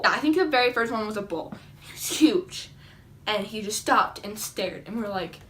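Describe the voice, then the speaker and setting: A young woman vlogging to camera, telling a story in a chatty, excitable way with lots of "like" and dramatic reactions. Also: medium pitch. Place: indoors at home, seated.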